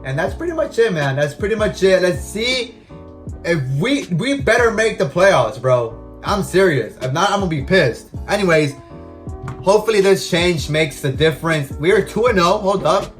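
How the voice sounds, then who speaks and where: Slangy young man, slightly high voice. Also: expressive, normal speed, soft background music. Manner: casual slangy talk, frustrated rants. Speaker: gaming YouTuber. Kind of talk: casual gameplay commentary.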